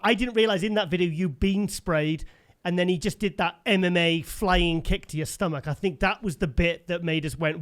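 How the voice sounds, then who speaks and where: A man's voice: high-pitched, normal speed, fairly bright tone. A man interviewing a guest, cutting in with clarifying questions and short affirmations. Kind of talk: casual interview.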